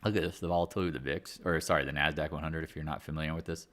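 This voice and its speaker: With a bass voice that's steady and a bit bright, this man races through his words on a livestream about markets. He keeps it loose and slangy, drifting off on tangents as he rambles.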